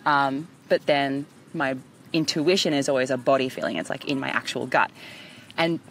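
A woman hosting a podcast outdoors by the water, telling an animated story, swearing and acting out voices. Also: extremely low pitch, normal speed, a little hiss or hum. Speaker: podcast host. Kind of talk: casual storytelling chat.

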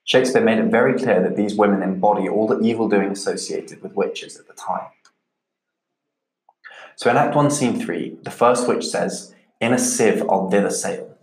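A man teaching a literature lesson, measured and explanatory, going back over key points. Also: fairly low pitch. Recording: echoey room.

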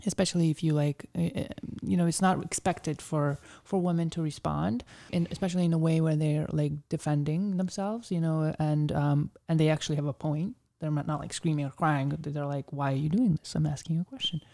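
Woman guest, dark and mellow tone, casual storyteller, filler-heavy. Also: sits low, steady tone, a little fast, few pauses. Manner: chatty storyteller, heavy use of "like". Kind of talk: casual interview conversation.

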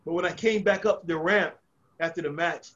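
A man tells stories as a podcast guest, swearing freely and often restarting his sentences. His voice sits a little high for a man. The recording sounds dull and lo-fi. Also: normal speed, a bit bright. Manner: profane, rambling with frequent restarts. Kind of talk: casual storytelling.

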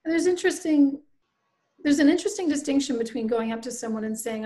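A woman in her thirties from the Canadian Maritimes, with a fairly high voice, speaks in an interview. She is earnest and reflective and tells her own story at length, slipping into the voices of people she quotes. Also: fast talker, mellow, poor audio. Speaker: guest, bereaved mother and author.

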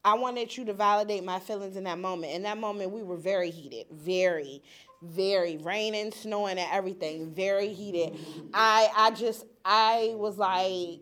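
Woman, young adult, animated storyteller, emphatic, laughs often, middle pitch. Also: normal speed. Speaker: group participant sharing a story. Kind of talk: casual personal storytelling.

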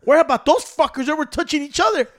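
Fast-talking, high-voiced man telling stories. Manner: profane, animated storytelling mixing English and Spanish slang. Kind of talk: casual chat, Spanglish storytelling.

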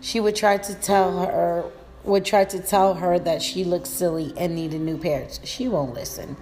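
A woman's voice: lowish voice, steady tone, unhurried, a little mellow, a little hiss or hum. Woman reading a story aloud. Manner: plain reading with small slips and restarts.

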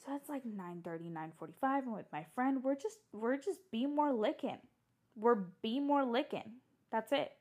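A young woman telling a story in casual, chatty fashion, animated and full of fillers and restarts. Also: on the high side, normal speed.

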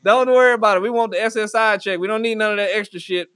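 A man with a notably high voice for a man hosts a podcast, spinning crude comic stories. He talks in an animated way, swears freely and keeps breaking into laughter. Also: quick pace. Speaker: podcast host. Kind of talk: crude comedic storytelling. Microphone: studio podcast mic.

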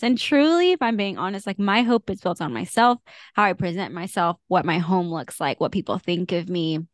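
A woman's voice: on the low side, dry recording. A woman co-hosting a faith podcast, talking in an earnest, confessional way with fillers and small laughs. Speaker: podcast co-host. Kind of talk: casual faith chat.

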